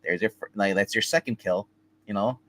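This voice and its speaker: A man's voice: lowish voice, a little fast, a bit bright. A man co-hosting a movie review show, rambling through a film's plot and acting out the characters' lines with laughs along the way. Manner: rambling retelling with acted-out quotes and laughs. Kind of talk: casual movie recap chat.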